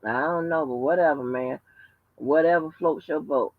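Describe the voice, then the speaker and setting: A woman hosts a casual livestream from home, telling stories in a profane, emphatic way with a low voice at a moderate pace. The lo-fi livestream audio sounds dull, with no echo.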